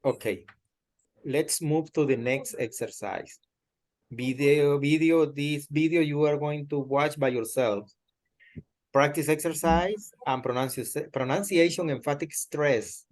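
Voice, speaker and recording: A man's voice: on the high side, unhurried. A male English teacher, giving an online lesson over a video call and patiently correcting his student word by word.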